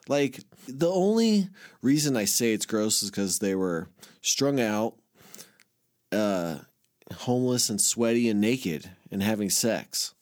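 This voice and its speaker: A man's voice: mid-range voice, lively intonation, unhurried, darkish tone. A man telling a long personal story in casual podcast chat, rambling and swearing with lots of filler words and self-mocking asides. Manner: self-mocking, laughs at himself.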